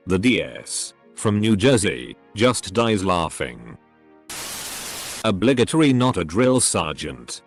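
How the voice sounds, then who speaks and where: A man's text-to-speech voice narrating online posts as scripted story readings, with odd phrasing and pauses. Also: on the low side, very animated. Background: faint background music.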